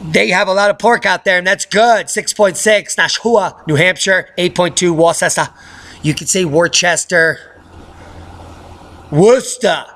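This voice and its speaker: This is a man hosting his own weather commentary, who mocks the mainstream forecasters with sarcastic asides. His voice sits high for a man and has a bright, sharp edge. He talks combatively. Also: fairly even intonation, moderate pace. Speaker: weather channel host. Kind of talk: ranting commentary on news.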